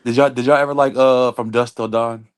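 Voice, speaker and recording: A man's voice: medium pitch, fairly even intonation, fairly quick, clean tone. A man co-hosting a casual livestream chat, laid-back and laughing often. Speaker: livestream co-host.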